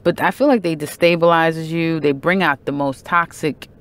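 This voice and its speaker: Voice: medium pitch, steady tone, normal speed, a bit bright. Tarot reader, casual monthly horoscope reading, chatty, emphatic, self-correcting, lots of fillers.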